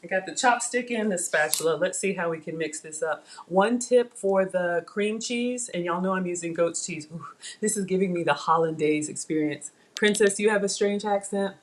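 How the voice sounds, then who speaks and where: Middle-aged woman host, slightly low-pitched, talks casually to her stream audience while cooking at home. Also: normal speed. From Africa. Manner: chatty, addresses viewers as y'all. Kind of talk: live cooking stream chat. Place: home kitchen.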